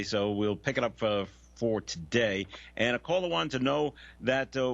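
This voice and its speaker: A man hosting a casual morning radio panel show, friendly and quick to laugh. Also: mid-range voice, pushed and bright, no echo. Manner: friendly, laughs easily, fills with uh. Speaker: radio host. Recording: dull, lo-fi radio sound.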